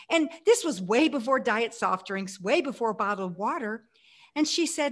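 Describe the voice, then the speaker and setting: Animated woman in her sixties. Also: high voice, moderate pace. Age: 60s. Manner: animated, acts out her own past voice. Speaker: guest. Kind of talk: storytelling interview answer.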